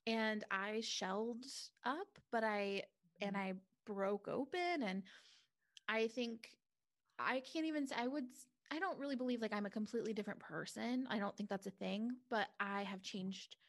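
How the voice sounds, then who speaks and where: A woman's voice: medium pitch, moderate pace. A woman guest talking openly and reflectively in an interview, in loose run-on phrases. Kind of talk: candid interview conversation.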